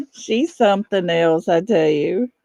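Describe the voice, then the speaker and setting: Slow-talking middle-aged woman chatting live from home. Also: on the low side, warm tone, dry recording, lo-fi sound. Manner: chatty, laughs often, fusses over her dog. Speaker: livestream host. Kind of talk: casual livestream chat. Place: at home, indoors.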